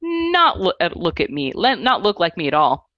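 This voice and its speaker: A woman in her thirties chats casually as a musician guest on an interview show. She tells animated stories and slips into acted-out quotes. Her voice sits slightly low and comes across dull and lo-fi in a dry recording. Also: normal speed, no room sound.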